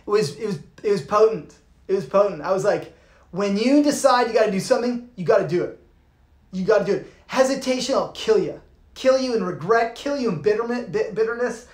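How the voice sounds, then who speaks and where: A man, a yoga teacher, giving an informal talk and telling a lively story, swearing casually and acting out the people in it. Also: sits high, fairly quick. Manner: animated, swears casually, acts out voices. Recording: roomy echo.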